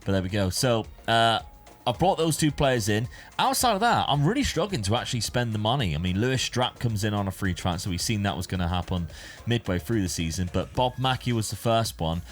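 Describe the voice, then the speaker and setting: Male gaming host, chatty and self-correcting, slightly low voice. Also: big pitch swings, fairly quick, few pauses, soft background music. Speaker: gaming YouTuber. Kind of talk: casual gameplay commentary.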